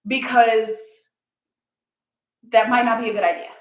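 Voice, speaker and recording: A chatty, encouraging woman gives a casual motivational talk with plenty of fillers. Her voice sits a little high. The room around her is echoey. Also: fairly even intonation, measured pace. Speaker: yoga teacher and confidence coach.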